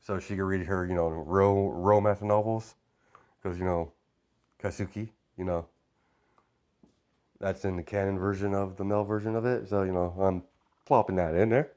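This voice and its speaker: A young man with a very low voice improvising a fan-fiction story, rambling along with constant "you know" fillers. It sounds like loose, off-the-cuff storytelling. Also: fairly even intonation, normal speed, pauses often, darkish tone.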